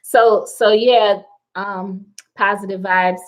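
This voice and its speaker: A woman with a mid-range voice hosts a casual live stream from home at night, reading viewer comments aloud. She's an adult with children, chatty and slow, relaxed and laughing often. The recording is low quality.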